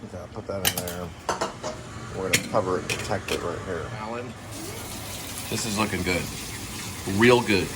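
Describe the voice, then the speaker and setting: A man's voice: low-pitched, normal speed, long pauses, very noisy. Rambling man chatting over dinner. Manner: rambling, searches for names, hums and chews. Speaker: co-host. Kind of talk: casual home chat over a meal.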